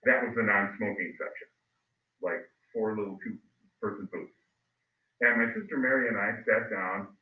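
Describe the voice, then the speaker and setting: A middle-aged male history teacher telling a story to his class, animated and acting out voices. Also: lowish voice, normal speed, pauses often. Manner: animated, acts out voices, loud bursts. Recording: phone-like, echoey, distant mic.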